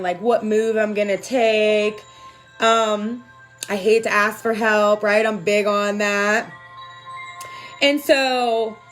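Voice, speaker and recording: Her voice is mid-range and fairly bright as this woman, a spiritual self-help vlogger, speaks to livestream viewers about spiritual growth. She's candid, emotional and conversational, cursing freely and repeatedly tossing in "right?".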